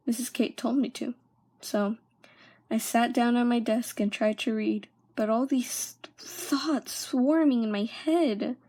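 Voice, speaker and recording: Young woman, hushed and halting. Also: on the high side. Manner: halting, drops into hushed whispers. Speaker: vlogger. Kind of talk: personal storytelling.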